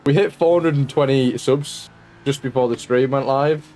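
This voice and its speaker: A man's voice: mid-range voice, fairly even intonation, normal speed, darkish tone. A man streaming a sim racing session, tired and yawning, chatting casually and joking with viewers he greets by name. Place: at home.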